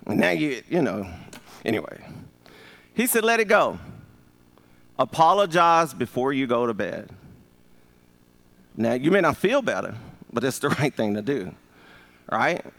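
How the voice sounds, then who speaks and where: A man in his fifties preaching a sermon as pastor, animated and joking, calling on the congregation to answer. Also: medium pitch, unhurried, creaky, long pauses. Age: 50s.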